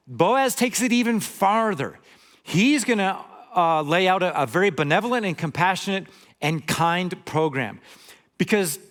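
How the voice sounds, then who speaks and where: A man's voice: on the high side, fairly bright tone. An older man from Montana giving a conversational sermon as a guest preacher, reading scripture and adding joking asides.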